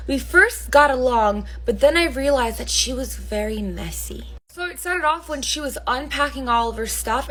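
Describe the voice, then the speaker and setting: A woman's voice: fairly high pitch, a bit bright. A woman telling a storytime vlog in a chatty way, with plenty of "like" fillers. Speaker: vlogger.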